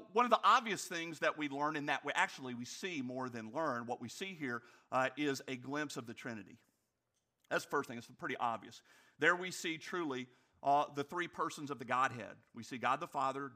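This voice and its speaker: A man preaching a sermon as pastor, animated and emphatic, with rhetorical questions and humorous asides. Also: fairly high pitch.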